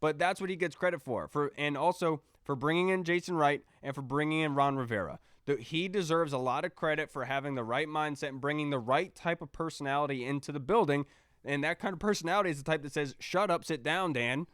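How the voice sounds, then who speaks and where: Smooth-voiced man co-hosting a sports podcast. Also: fairly high pitch, quick pace, a bit bright, dry recording, clean studio sound. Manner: confident, reads listener questions. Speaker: podcast co-host. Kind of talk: casual sports podcast chat.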